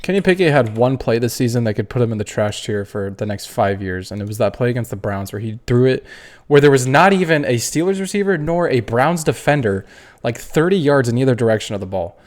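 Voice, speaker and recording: A podcast host with a medium-pitched voice rants through a casual sports tier-list video, full of strong opinions and the odd curse. His intonation is lively and his delivery brisk, with hardly any pauses. He sounds opinionated and fired up.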